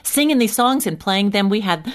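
A middle-aged woman, a guest on a faith talk show, telling personal stories about motherhood with animated delivery, frequent laughter and acted-out quotes. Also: mid-range voice, moderate pace. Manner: animated, laughs often, acts out quoted lines. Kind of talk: faith-based storytelling in conversation.

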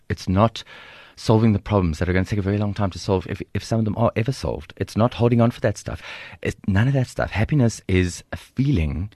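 A middle-aged South African man with a South African accent, a guest telling stories in an interview in an animated, humorous way. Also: fairly low pitch, dry recording, studio quality. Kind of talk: storytelling interview.

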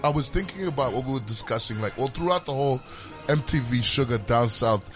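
A young man co-hosting a radio show, telling quick jokey stories in casual banter. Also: mid-range voice, expressive, over music. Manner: quick, joking storyteller. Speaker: radio co-host.

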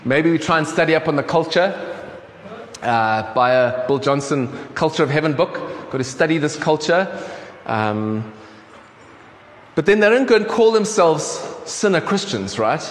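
Here a South African man with a highish, animated voice preaches at normal speed as a pastor, keeping his tone conversational and relaxed. Plenty of ums and restarts break up his words, and the church hall around him echoes with faint room noise.

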